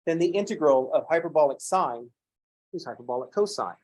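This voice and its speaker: A man teaching a calculus class who lectures in an animated, playfully ranting way. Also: a little high, fairly quick. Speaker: calculus instructor.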